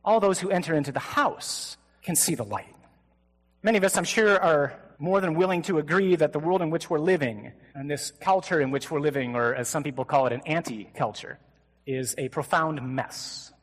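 A man's voice: a little high, normal speed. Man preaching in a reverberant conference hall. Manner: animated, joking, mimics flat gospel readings. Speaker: Catholic priest. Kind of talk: conference sermon. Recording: live talk with long hall reverb.

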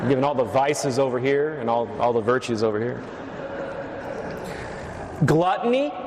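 A man's voice: medium pitch, a little mellow, a little hiss or hum. A man preaching a sermon as a priest, teaching steadily with wry asides to the congregation. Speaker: Catholic priest. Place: church. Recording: echoey church reverb.

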